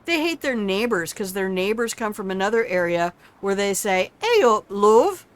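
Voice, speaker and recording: A woman's voice: mid-range voice, moderate pace, smooth. An older woman streaming a video game, chatting casually with viewers in a salty, teasing way and swearing freely. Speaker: gaming streamer. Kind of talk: casual gameplay commentary.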